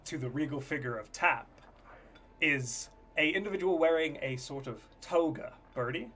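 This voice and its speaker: A man narrating a tabletop game as game master, describing scenes in a relaxed way with fillers. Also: on the high side, normal speed, slight background noise.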